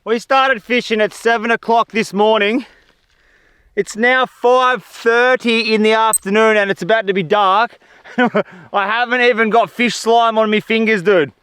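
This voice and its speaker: This is an Australian man vlogging outdoors in desert dunes and scrub. His voice sits high and comes through smooth and clear. He talks in a chatty, slangy, excitable way, and the sound is dry with no echo. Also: measured pace. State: tired. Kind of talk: casual outdoor vlog talk.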